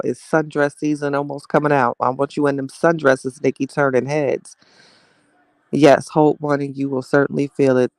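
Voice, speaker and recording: A man hosting a casual live stream, chatting warmly with viewers and greeting them by name, calling them child and baby. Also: a little high, clean tone, no room sound.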